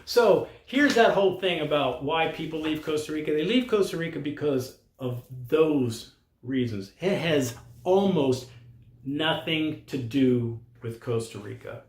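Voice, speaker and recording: A man's voice: fairly high pitch, lively intonation, a little slow. Blunt older man, roomy echo. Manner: blunt, challenging, talks straight at the viewer. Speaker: vlogger giving expat advice. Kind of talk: casual monologue to camera. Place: lives in Costa Rica.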